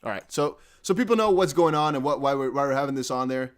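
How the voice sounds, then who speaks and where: A man's voice: medium pitch, animated, fast, clear, resonant tone. A man hosting a casual live stream, chatty and jokey, thinking aloud with many fillers. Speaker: crypto livestream host.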